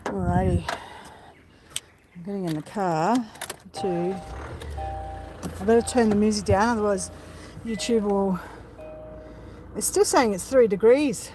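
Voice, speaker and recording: During a casual live-stream walk in a park, a female vlogger chats to viewers via her handheld phone, rambling and easily distracted. Her mid-range voice comes slowly with long pauses, over music, and faint outdoor background noise is audible.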